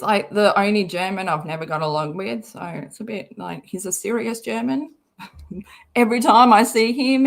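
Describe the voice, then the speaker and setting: A woman hosting a casual livestream, talking bluntly, swearing freely and laughing often. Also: medium pitch. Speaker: livestream host.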